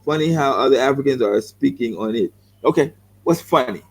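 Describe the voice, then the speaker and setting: Over a rough recording, a middle-aged vlogger with a Los Angeles accent, from South Central LA, answers viewer comments in a heated camera rant. His mid-range voice moves a little fast, and he's blunt and confrontational, repeating himself and tossing out "bro."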